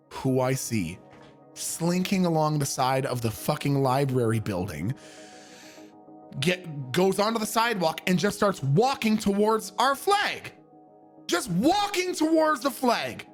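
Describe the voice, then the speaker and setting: A man casually telling a story as a streamer, animated and profane, sometimes bursting into shouts. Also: on the high side, slow, long pauses, soft background music.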